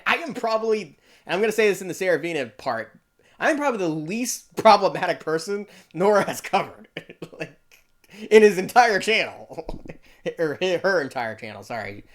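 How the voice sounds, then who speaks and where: A man's voice: sits high, sing-song, moderate pace. A young man giving casual reaction commentary, defensive, laughing often and saying "bro" a lot. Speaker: YouTuber reacting to a video.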